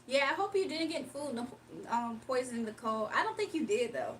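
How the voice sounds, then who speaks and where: A woman's voice: sits high, lively intonation, fairly quick, far from the mic, a little hiss or hum, rough recording. Laid-back woman streamer from Virginia. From Virginia, United States. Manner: laid-back slangy talk, laughs often. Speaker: livestream host. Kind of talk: casual live-stream chat, reading comments aloud.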